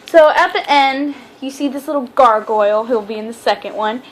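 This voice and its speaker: A woman's voice: on the high side, normal speed, slight background noise. A young woman reviewing a book in a casual vlog, chatty and rambling, often stumbling over her words. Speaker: book vlogger.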